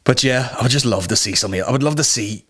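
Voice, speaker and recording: A man's voice: medium pitch, fast, fairly bright tone, breathy edge. A man hosting a comedy podcast, ranting casually with lots of swearing and rambling asides. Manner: sweary, rambling, slips into mock voices. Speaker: podcast host.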